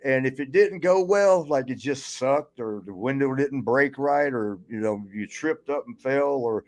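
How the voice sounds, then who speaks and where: A man's voice: mid-range voice, animated, a little slow, darkish tone. An older man, a retired wrestler, telling rambling stories on a podcast, laughing often and swearing. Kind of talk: casual storytelling.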